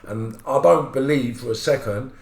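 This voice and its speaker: Animated man telling a story. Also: mid-range voice, normal speed, echoey room. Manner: animated, acts out voices in anecdotes. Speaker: podcast host. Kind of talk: storytelling in casual chat.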